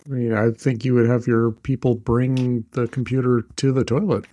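A man co-hosting a podcast in casual chat, making wry, deadpan jokes. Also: mid-range voice, moderate pace. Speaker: podcast co-host.

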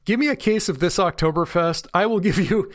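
Dry-witted man with a higher voice. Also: brisk, no echo. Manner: dry, teasing banter. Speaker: podcast co-host. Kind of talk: casual chat.

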